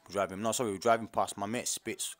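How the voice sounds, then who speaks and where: A man's voice: fairly low pitch, steady tone, fast. Indignant man ranting in street slang. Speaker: podcast host. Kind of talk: casual monologue.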